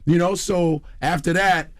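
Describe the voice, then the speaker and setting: A middle-aged man from Chicago, a comedian guest telling an animated story on a radio talk show. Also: high voice, unhurried, dry recording, clean studio sound. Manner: animated, acts out quoted voices.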